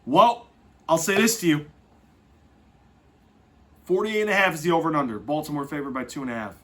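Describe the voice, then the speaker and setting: A man's voice: on the high side, a little fast. A man hosting a football podcast, talking casually and correcting himself as he goes. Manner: lively, swings loud and soft, self-correcting. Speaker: podcast host. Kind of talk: casual sports podcast talk.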